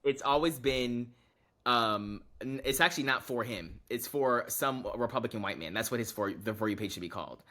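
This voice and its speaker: A man co-hosting a casual podcast, with a bright, forceful voice. He talks in an animated, expressive way and vents freely. His pitch sits in the middle range. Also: normal speed. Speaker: podcast co-host. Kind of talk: casual chat.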